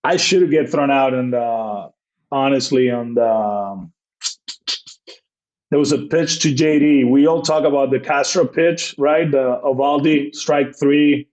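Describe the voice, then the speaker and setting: A man's voice: mid-range voice, a little slow, darkish tone, lo-fi sound. A man in his forties, a baseball manager, telling rambling stories as a podcast guest, full of fillers and acted-out quotes. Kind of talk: casual storytelling interview.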